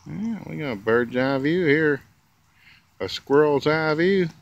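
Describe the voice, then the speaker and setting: A man's voice: fairly high pitch, expressive, unhurried, creaky, muffled recording. A man, talking outdoors in a casual, folksy way and coaxing squirrels with sweet, drawling words. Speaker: vlogger feeding squirrels. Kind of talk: casual running talk to animals. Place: outdoors in a yard. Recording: faint outdoor noise.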